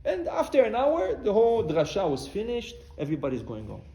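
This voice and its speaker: This brisk male voice belongs to a rabbi preaching with an animated pitch. His sermon unfolds as a story peppered with Hebrew terms among the English, punctuated by sudden loud cries, all captured in a spacious hall with subtle ambient sound.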